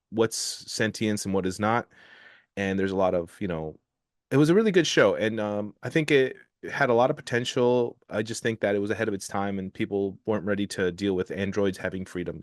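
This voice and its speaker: A man's voice: on the low side, brisk, no room sound, clean studio sound. A man on a podcast, hesitantly rambling through a description of a show. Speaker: podcast guest. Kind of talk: casual podcast chat.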